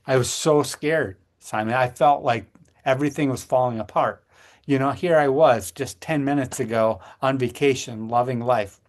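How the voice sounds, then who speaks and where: A middle-aged man tells a personal story on a podcast in an earnest, halting way, often stopping to restart his sentences. His voice sits at an ordinary middle pitch. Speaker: podcast co-host. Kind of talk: personal storytelling in casual chat.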